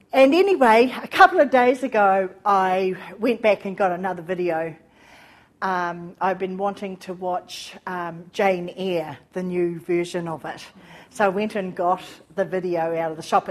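An older woman giving a personal testimony at a church meeting, telling stories and acting out conversations, fervent when she praises God. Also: medium pitch. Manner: storytelling, acting out both sides of conversations. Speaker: speaker at a women's church meeting.

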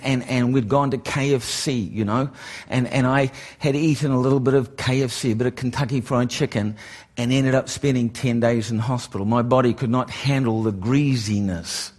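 A middle-aged man telling a testimony in a sermon, animated and repetitive, building to excited emphasis. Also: medium pitch, moderate pace. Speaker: preacher.

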